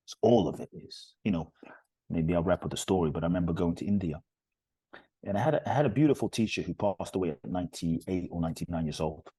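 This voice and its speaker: A man's voice: low voice, fast talker, mellow, breathy edge, dry recording. A man, a podcast guest and retreat leader, telling stories in an earnest, emphatic and heartfelt way. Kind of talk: conversational storytelling interview.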